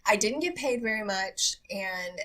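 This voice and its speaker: Husky, lively woman podcast co-host. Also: medium pitch, a little slow. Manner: playful, jokey, tells stories. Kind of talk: casual chat.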